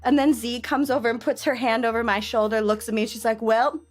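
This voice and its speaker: A young woman streamer chatting casually, telling stories in an excitable, gushing way. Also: fairly high pitch, fast, soft background music. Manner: excitable, gushing storyteller with lots of laughter. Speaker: VTuber streamer.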